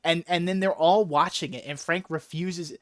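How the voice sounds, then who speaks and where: Excitable profane man with a sore throat. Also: fairly high pitch, normal speed, no room sound, studio quality. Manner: excitable, profane, acts out characters' lines. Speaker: podcast host. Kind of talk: casual chat.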